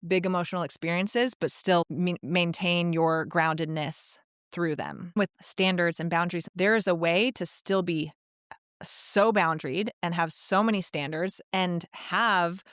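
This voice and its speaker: A woman's voice: on the low side, fairly even intonation, a little slow, fairly bright tone, clear, resonant tone, no room sound, studio quality. A woman speaking as a guest in a casual podcast conversation, explaining ideas in an earnest, coaching way.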